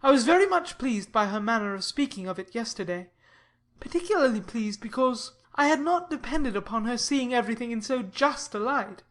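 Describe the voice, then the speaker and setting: A woman reads the part of a sober, earnest young gentleman in a classic audiobook. He speaks in a measured, persuasive way, his voice pitched a little high. It is plain storybook reading rather than a put-on character voice. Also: expressive, natural voice.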